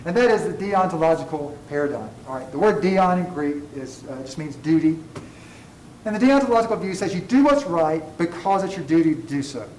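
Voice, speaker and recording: A man's voice: a little high, very animated, fairly quick, recorded from a distance, a little hiss or hum. Man lecturing in an echoey classroom. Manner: digressive, self-deprecating humor. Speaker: college ethics instructor.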